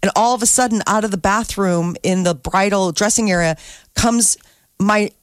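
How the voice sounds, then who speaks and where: A woman on a radio show tells a story with animated energy and acts out each person she quotes. Her voice is mid-pitched and dry, close to a studio mic. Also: normal speed, clear, resonant tone, dry recording. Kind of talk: casual morning radio chat.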